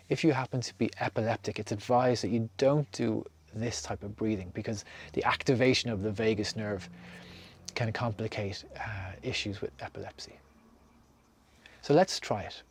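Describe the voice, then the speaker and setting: Calm low-voiced man guiding breathing. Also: no echo. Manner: calm, slow guiding, soft near-whispered exhales. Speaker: breathing instructor. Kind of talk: guided breathing instruction.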